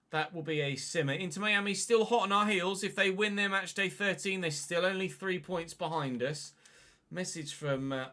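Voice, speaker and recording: A man commenting casually on his own football video game career, chatty and excitable, with mild swearing. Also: a little high. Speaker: gaming YouTuber.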